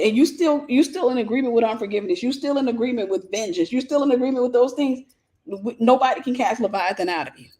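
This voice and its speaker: A middle-aged woman preaching live, her coming through as she drives points home by repeating them. She slips into quoted voices and keeps an animated, conversational pulpit manner. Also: mid-range voice. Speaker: pastor and teacher. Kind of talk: livestreamed sermon.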